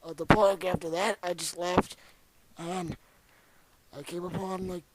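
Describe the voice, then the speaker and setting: A young man voicing a boastful, rambling ancient old man who tells a crude, excitable tall tale in an amateur comedy bit. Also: high voice, a little slow, very noisy.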